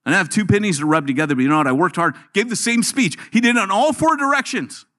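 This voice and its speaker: A middle-aged male pastor delivering a sermon in a fairly high voice. His pitch leaps up and down as he preaches, sinking low and quiet for quoted lines. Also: animated, fast talker.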